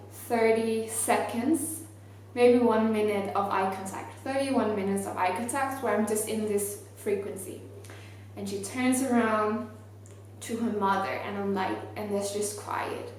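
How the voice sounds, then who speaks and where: A young woman who is not a native English speaker, telling a story to camera in an earnest, animated way with lots of "like". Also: a little high, a little slow. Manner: earnest, animated, many fillers like "like". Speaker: vlogger. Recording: very echoey space with faint ambient noise.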